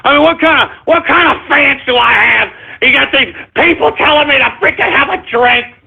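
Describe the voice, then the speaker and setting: A man voicing a frantic, short-tempered male radio sidekick in a whiny, shouting rant. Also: very high-pitched, moderate pace, vocal fry. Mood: pleading. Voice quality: whiny, shouting, exasperated ranting. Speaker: radio show regular. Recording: tinny phone-like audio.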